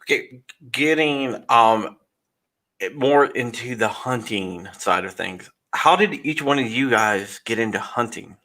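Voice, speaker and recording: Male interview host, sharp tone, halting and restarting his questions. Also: medium pitch. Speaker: podcast host.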